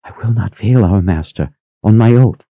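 A frightened young sister speaks in a high, strained, breathless voice, rushing to prove her loyalty. She is voiced by a man reading a storybook. The recording is dry and a little muffled. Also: no echo. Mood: pleading. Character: frightened young woman, nervous, eager to please.

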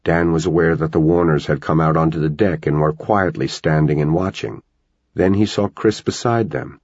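Very low, husky male narrator. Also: steady tone, normal speed, a little mellow, no room sound, dull audio. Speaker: audiobook narrator. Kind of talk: scripted narration.

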